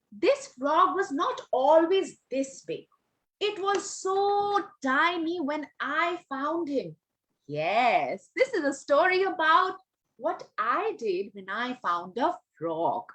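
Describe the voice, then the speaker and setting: A high, bright woman's voice leads an online storytelling session for young children. She swoops up and down in pitch, takes her time, and keeps coaxing the little ones with questions. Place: home, on a video call. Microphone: video call.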